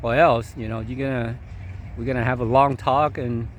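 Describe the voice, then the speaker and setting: Angry nagging bride, voiced by a man barely changing his voice, mid-pitched, impatient. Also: fairly even intonation, normal speed, slight background noise, natural voice. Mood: scolding. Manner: scolding, impatient.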